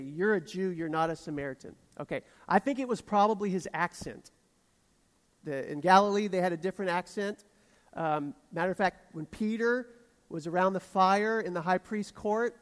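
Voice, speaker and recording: A man with a Southern US accent preaches, his voice sitting high for a man. He tells his stories in an animated, self-deprecating way. The sound rings out with the long reverb of a church hall. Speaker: pastor. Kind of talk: sermon.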